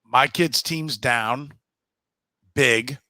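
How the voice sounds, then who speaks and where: A man's voice: mid-range voice, drawn-out words, bright, forceful tone, no echo. A man co-hosting a casual sports podcast, blunt and profane, mocking others in put-on voices. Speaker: podcast co-host.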